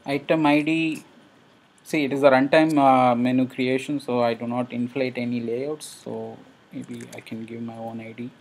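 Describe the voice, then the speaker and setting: Husky man teaching a coding screencast. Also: medium pitch, little pitch movement, moderate pace. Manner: thinks aloud with frequent uh fillers. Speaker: programming instructor.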